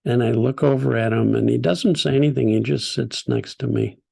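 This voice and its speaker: An older man speaks with a deeply gravelly, husky voice. He tells stories to a group in a gentle, unhurried way. His pitch sits in the middle. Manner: gentle, unhurried storytelling with soft laughs. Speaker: teacher. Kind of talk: storytelling talk.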